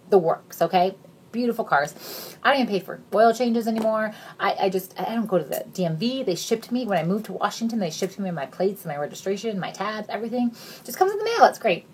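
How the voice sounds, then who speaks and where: A woman's voice: lowish voice, darkish tone, a little hiss or hum. Bubbly, chatty woman in her thirties. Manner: bubbly, chatty, jokey, addresses viewers directly. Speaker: direct sales consultant. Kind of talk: casual sales pitch to viewers.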